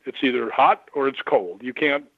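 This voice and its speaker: A man's voice: mid-range voice, moderate pace, dry recording. Man telling ghost stories over a tinny phone line. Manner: animated anecdotes, acts out quoted voices. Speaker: guest paranormal investigator. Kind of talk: storytelling on a radio call-in.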